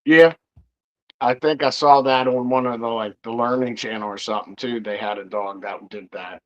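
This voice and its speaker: A man co-hosting a casual podcast chat, joking and animated, quick to laugh at himself. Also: mid-range voice, muffled recording. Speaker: podcast co-host.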